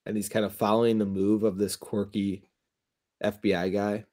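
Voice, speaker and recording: A man's voice: lowish voice, flat delivery, moderate pace, warm tone. A man co-hosting a casual podcast, easygoing and thinking aloud. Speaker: podcast co-host. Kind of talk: casual chat.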